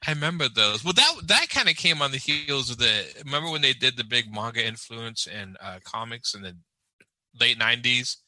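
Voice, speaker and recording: A man chatting casually on a comics podcast, rambling and animated, often laughing. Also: mid-range voice, a little fast, poor audio. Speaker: podcast co-host. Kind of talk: casual chat.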